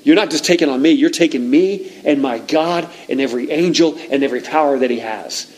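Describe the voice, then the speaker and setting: A man acting out a defiant young shepherd who yells his challenge at a giant, in a sermon retelling. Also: on the high side, brisk, lightly acted. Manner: shouting defiance. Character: young shepherd boy, defiant, fearless, yelling.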